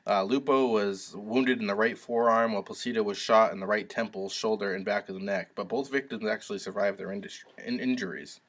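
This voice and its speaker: A man with a fairly low voice co-hosts a true-crime podcast. He talks casually and bluntly and swears freely as he reacts to the case. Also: fairly even intonation, brisk, few pauses, fairly bright tone. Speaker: podcast co-host.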